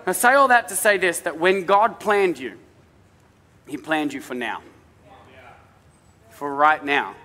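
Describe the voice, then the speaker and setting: A middle-aged man preaching in a church, his voice high and bright, with a long reverb from the large hall around him. He talks to the congregation in a loose, conversational way and drops in humorous stories about his family. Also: slow, pauses often. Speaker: pastor. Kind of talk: sermon.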